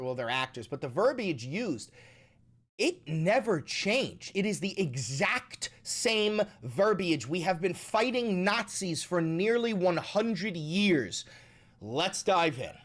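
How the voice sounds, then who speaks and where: A man in his thirties hosting a reaction stream, talking in a profane, emphatic, ranting way. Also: fairly high pitch. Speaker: political commentary streamer.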